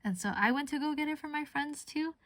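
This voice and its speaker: A woman's voice: high voice, brisk, no echo. A woman streamer chatting casually while crafting, giggly and laughing often as she tells stories.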